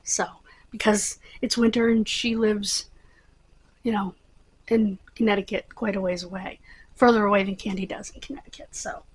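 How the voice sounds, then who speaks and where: A woman's voice: mid-range voice, fairly even intonation, moderate pace, breathy edge, poor audio. A middle-aged woman hosting her own channel, chatting casually and rambling with many fillers. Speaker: channel host. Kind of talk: casual chat to camera.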